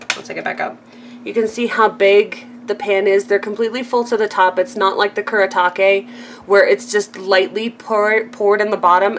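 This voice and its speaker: A woman's voice: medium pitch, fairly bright tone, a little hiss or hum. A woman from California chatting casually through a craft supply haul, rambling with frequent ums and self-corrections and laughing at her own asides. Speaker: craft vlogger.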